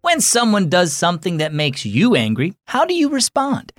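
A man hosting and narrating a children's story program in a friendly, expressive storytelling manner. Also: high-pitched, moderate pace, dry recording, studio quality, soft background music. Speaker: host and narrator.

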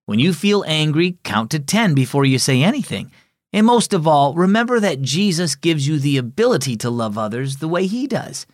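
Man reading as a soft-spoken dad in a kids story, patient, dry close sound. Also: on the high side, sing-song, moderate pace, no room sound. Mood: gentle. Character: calm, gentle father giving advice.

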